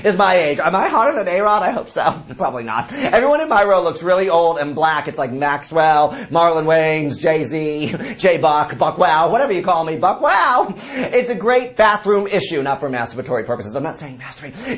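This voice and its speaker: A man's voice: a little high, very animated, moderate pace. A young man recapping a TV talent show in a campy, gossipy, joking vlog. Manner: campy, gossipy, bursts into sung snippets. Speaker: vlogger. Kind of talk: casual comedic TV recap.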